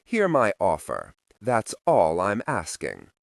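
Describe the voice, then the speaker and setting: A plain-spoken young woman who pushes her point without fear, as a man reads her lines. Her pitch jumps widely, and the delivery is slow and deliberate. The recording is dry and close. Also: huge pitch swings, vocal fry, no echo, full character voice. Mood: pushy. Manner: blunt, matter-of-fact, pushy. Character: blunt, curious young woman bargaining boldly.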